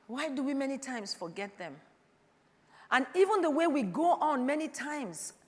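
Woman preacher, 50s, higher voice, long echoing hall, loud-to-soft sermon delivery. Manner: calls out "Hello?" to the congregation, swings from loud to quiet.

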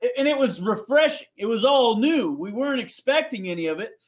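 A man co-hosting a wrestling podcast, talking excitedly with quick restarts in casual chat. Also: very high-pitched.

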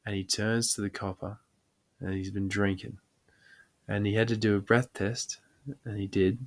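A man's voice: lowish voice, level tone, normal speed. A man with an Australian accent hosting a podcast, telling a story in a casual way, laughing often and swearing freely. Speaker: podcast host.

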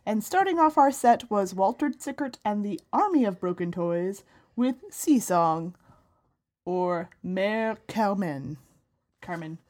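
A woman with an American accent, hosting a podcast in loud, playful banter. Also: medium pitch, animated, moderate pace. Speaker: podcast host. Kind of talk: casual co-host banter.

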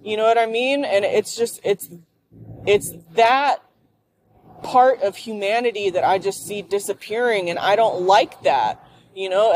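A woman's voice: mid-range voice, a little mellow, a little hiss or hum. A woman ranting and swearing in a rambling monologue while she drives home. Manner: profane, ranting. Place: car.

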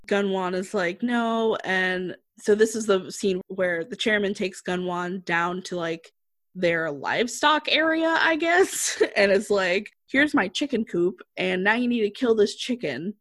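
A woman's voice: mid-range voice, measured pace, dry recording. Dry-sounding chatty woman recapping a show. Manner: chatty, laughs often, quotes characters in flat asides. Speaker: podcast co-host recapping a drama. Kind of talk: casual chat.

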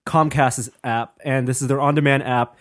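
A man's voice: mid-range voice, fairly even intonation, moderate pace, fairly bright tone. A man co-hosting a tech podcast, explaining things in a matter-of-fact way in casual chat. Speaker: podcast co-host.

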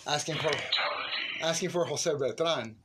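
Profane, animated man telling a story. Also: a little high, a little slow. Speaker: storyteller among friends. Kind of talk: casual chat. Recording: noisy room recording.

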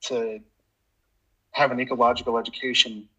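A man's voice: mid-range voice, flat delivery, normal speed, bright, forceful tone, husky, dull audio. A man speaking as a guest on a podcast, earnest and reflective in a casual conversation. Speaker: podcast guest, nature educator. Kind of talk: casual interview chat.

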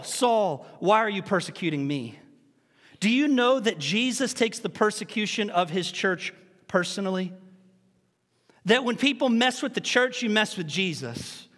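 A man preaching a sermon as pastor, animated, with rhetorical questions and humorous asides. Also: high-pitched. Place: church sanctuary. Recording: long reverb in a large church hall.

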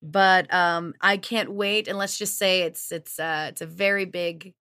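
A woman's voice: lowish voice, steady tone, unhurried, sharp tone, smooth. A woman from Louisiana with no regional accent, a voice actor chatting as a podcast guest in an upbeat way and laughing easily. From Louisiana, USA. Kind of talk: casual podcast chat.

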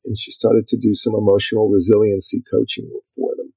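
Gravelly, husky man telling a lively story. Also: fairly low pitch, fairly quick, no room sound, poor audio. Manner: energetic, lively storyteller, acts out quotes. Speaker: guest, business coach. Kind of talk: storytelling in a conversational interview.

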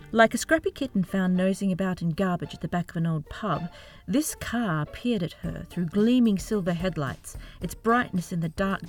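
A woman reading an audiobook in an expressive, dramatic narration style. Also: on the low side, moderate pace. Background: faint music.

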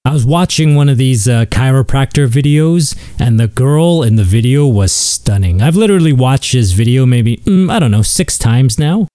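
A man's voice: medium pitch, animated, normal speed, hardly any pauses, warm tone, no room sound. A man hosting a podcast, delivering a crude, sarcastic, rambling comedic monologue. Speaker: podcast host.

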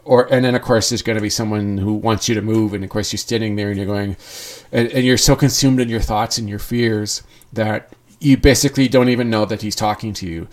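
Earnest, rambling man, slightly low voice. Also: steady tone, a little fast, hardly any pauses. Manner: earnest and rambling, with frequent restarts. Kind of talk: candid personal monologue.

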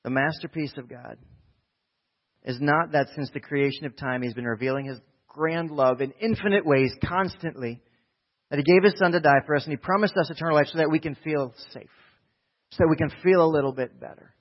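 A male pastor from New Jersey giving a conversational sermon that swings from quiet asides to loud exhortation. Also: a little high, fairly quick, muffled recording.

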